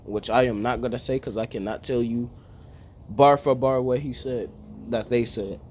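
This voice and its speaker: A man casually spinning a made-up story in a relaxed, slangy way. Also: mid-range voice, moderate pace, slight background noise. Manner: relaxed, slangy, laid-back telling.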